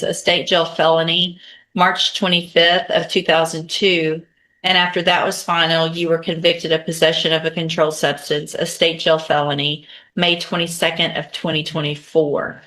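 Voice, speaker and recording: A woman's voice: lowish voice, level tone, normal speed, a bit bright. A woman judge presiding over a courtroom hearing, reading charges in a methodical, procedural way and thinking aloud as she sorts through the case papers.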